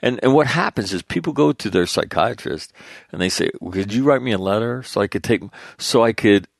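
A talk show host with a fairly low voice and vocal fry talks fairly quickly, recorded dry with studio quality. In a casual monologue he reads headlines, then drifts into loose, rambling stories told in an animated way and punctuated by frequent laughs.

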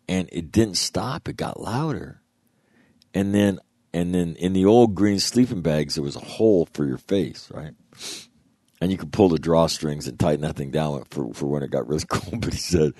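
Older ex-Marine man, very low dark voice, profane storyteller, dry close sound. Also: moderate pace, breathy edge, dry recording. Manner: profane, laughing, animated retelling. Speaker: former Marine. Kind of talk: casual storytelling.

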